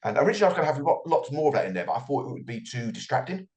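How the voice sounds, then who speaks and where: A man's voice: medium pitch, very animated, racing, a little mellow. Reflective middle-aged man, restarting thoughts. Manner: reflective, repeats words when starting thoughts. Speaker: author guest. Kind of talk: relaxed interview answers.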